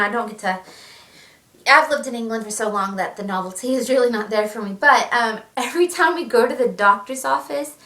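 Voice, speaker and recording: A woman's voice: a little high, pushed and bright. A young pregnant woman chatting animatedly in a casual vlog, laughing often. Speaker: vlogger. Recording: echoey room, mic at a distance.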